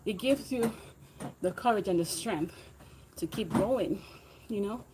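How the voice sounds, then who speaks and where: Her voice is mid-range and her pace measured as she exercises on a bike and livestreams, chatting with viewers and urging them to keep going. This fitness vlogger's encouraging, motivational talk comes with some background noise.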